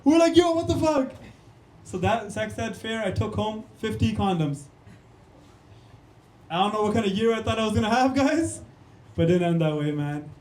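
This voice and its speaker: A man's voice: sits high, moderate pace, pauses often, darkish tone. A young man, doing a punchy stand-up comedy set on a club stage and talking straight to the crowd. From Canada. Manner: punchy, keeps calling the crowd "guys" and "man". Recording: echoey room.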